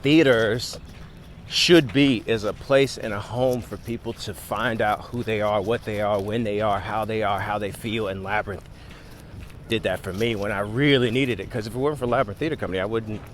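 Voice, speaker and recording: A man with a lowish voice speaking from the heart in a testimonial, sincere and grateful. A faint background noise stays under him. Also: fairly even intonation, normal speed. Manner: earnest, heartfelt. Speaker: actor.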